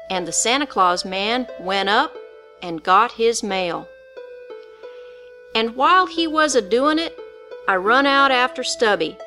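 A woman's voice: a little high, bright, forceful tone. A woman narrating a story in the first person with folksy, rural dialect speech.

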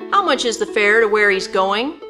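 A woman's voice: medium pitch, expressive, normal speed, pushed and bright, soft background music. A woman doing a cheerful, laughing young man. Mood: amused.

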